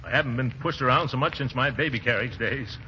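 An actor playing a blustery, pompous middle-aged uncle in a 1940s radio comedy, with a flustered, bombastic delivery. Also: male voice, fast, sharp tone, a little hiss or hum, natural voice. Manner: bombastic, flustered, booming outbursts. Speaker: uncle and employer. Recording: muffled old radio broadcast.

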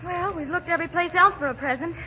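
An actress playing a sweet, gentle young niece in a 1940s radio comedy, with a soothing manner. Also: female voice, very high-pitched, fast, a little hiss or hum. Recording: muffled old radio broadcast.

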